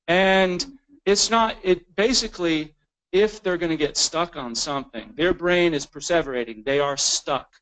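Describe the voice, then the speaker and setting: On a rough recording, a man with a higher, fairly bright voice gives a continuing education lecture at normal speed in an informal, conversational style. He repeats and restarts words often and acts out what clients and staff say.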